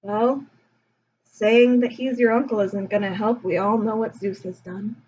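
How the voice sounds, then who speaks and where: A woman's voice: mid-range voice, fairly even intonation, unhurried, a little mellow, a little hiss or hum, natural voice. Woman doing a wry, sarcastic messenger god. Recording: dull lo-fi recording.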